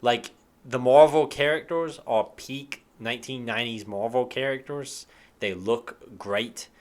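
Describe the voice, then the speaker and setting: A man's voice: mid-range voice, unhurried. A man co-hosting a casual gaming podcast, talking enthusiastically, swearing freely and sometimes humming tunes. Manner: enthusiastic, swearing, hums tunes and acts out quotes. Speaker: podcast co-host.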